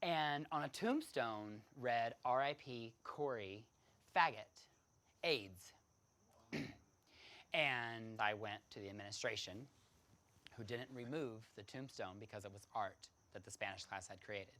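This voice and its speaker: A man telling a personal story to an audience, animated and dramatic, often laughing. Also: on the low side, measured pace.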